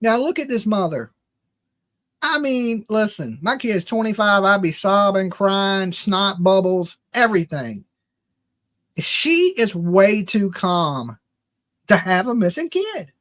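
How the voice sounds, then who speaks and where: A man's voice: sits high, sing-song, takes it slowly, a bit bright. Middle-aged male livestream host, blunt and opinionated, casual chat. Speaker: true crime livestream host.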